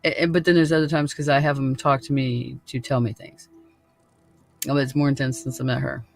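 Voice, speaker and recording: A man's voice: mid-range voice, level tone, a little fast, vocal fry, faint music behind. A man hosting a podcast in casual chat, laid-back and laughing often, swearing freely. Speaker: podcast host.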